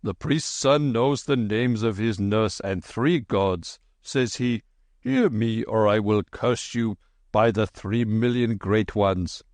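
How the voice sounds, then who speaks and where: A man's voice: lowish voice, slow pace, darkish tone, dry recording. A man doing a pompous, heavy-voiced quack doctor. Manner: pompous, long-winded. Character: boastful middle-aged male quack doctor, thick heavy voice. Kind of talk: audiobook character voice.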